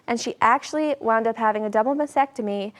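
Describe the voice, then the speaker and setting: A woman's voice: a little high, fast talker. A young woman co-hosting a casual entertainment news chat, conversational and reactive, with fillers. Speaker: co-host.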